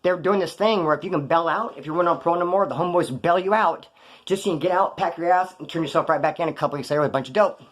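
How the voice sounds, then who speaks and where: Fast-talking man telling prison stories. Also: on the high side, fairly bright tone. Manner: slangy, profane, rambling street talk; loose, digressive, corrects himself mid-story. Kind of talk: casual storytelling monologue.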